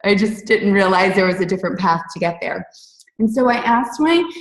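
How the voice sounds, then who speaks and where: A woman's voice: mid-range voice, expressive, moderate pace. Chatty woman in a roomy space. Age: 30s. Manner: candid, chatty, lots of "like" and "you guys". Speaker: fitness coach speaking on a team call. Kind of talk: personal story told to a team. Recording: roomy, distant from the mic.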